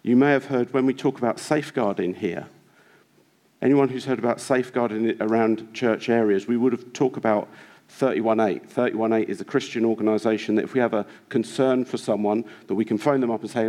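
A male preacher delivers a sermon in a church with a mid-range voice. He talks earnestly and urges his listeners on, often pausing on rhetorical questions to the congregation. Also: medium pitch, steady tone, darkish tone. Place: church hall.

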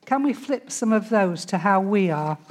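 A woman's voice: medium pitch, expressive, moderate pace, darkish tone. Woman preaching a conversational sermon. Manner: conversational, playfully acts out grumbling voices.

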